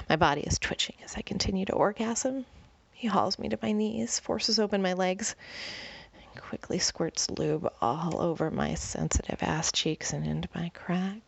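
A woman tells a first-person story in whispered role-play, her breathy whisper husky and faintly gravelly. The recording is close and dry, with slightly dull, lo-fi sound. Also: on the low side, animated, normal speed, no room sound. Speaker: narrator.

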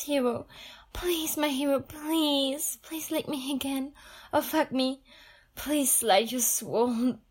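A woman's voice: high-pitched, breathy edge, full character voice. A woman playing a breathless, pleading young princess. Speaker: audio role-play performer. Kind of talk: intimate audio role-play.

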